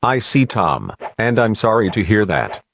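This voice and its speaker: A man playing a calm radio news host. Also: lowish voice, gravelly, slight background noise, heavily acted. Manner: calm, measured questioning. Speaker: radio interviewer.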